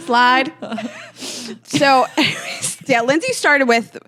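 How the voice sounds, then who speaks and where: A woman's voice: high voice, slow, bright, forceful tone, no room sound. A woman in her thirties co-hosting a podcast, chatting with enthusiasm. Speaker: podcast co-host. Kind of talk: casual chat.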